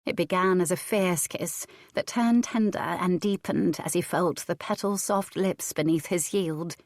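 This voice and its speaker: A woman narrating a historical romance audiobook in an even, measured storytelling manner. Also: fairly low pitch, dry recording, studio quality. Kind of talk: scripted narration.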